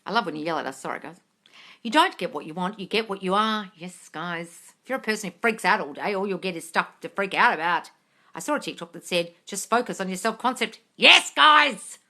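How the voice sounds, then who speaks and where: During a casual live-stream Q&A, a woman reads her viewers' comments aloud and answers them bluntly, scolding and exasperated, swearing a lot. Her bright, sharp voice rises and falls widely in pitch as she presses her point. She's animated and talks at a normal speed.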